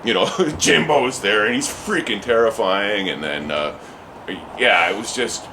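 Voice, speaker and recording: A man's voice: fairly low pitch, unhurried, noisy background. Rambling man telling a story. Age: 40s. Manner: rambling, animated, swears freely, many restarts. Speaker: interviewee, musician. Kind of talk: casual storytelling interview.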